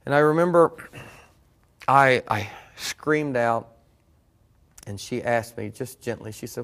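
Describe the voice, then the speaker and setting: A man's voice: mid-range voice, fairly even intonation, unhurried, pauses often, a bit bright. A middle-aged man, earnestly telling his own story as a preacher in a reflective conversation. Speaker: guest preacher. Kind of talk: personal testimony in conversation.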